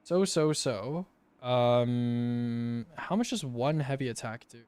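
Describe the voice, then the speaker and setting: While he plays, a young male streamer chats casually and slangily, often saying "bro" in a laid-back manner. His medium-pitched voice is expressive, slow, darkish and smooth, with no echo.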